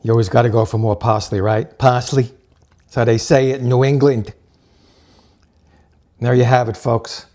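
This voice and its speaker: A man's voice: medium pitch, level tone, normal speed, long pauses, dark tone. A man hosting a cooking show, talking viewers through a recipe in a chatty, joking way and calling them folks, with eager plugs for a sponsor. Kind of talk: casual cooking demonstration.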